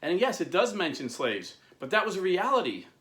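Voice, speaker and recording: A man hosting a video, telling a historical story in an animated, emphatic way. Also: high-pitched, brisk, echoey room. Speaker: video host. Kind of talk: impassioned storytelling.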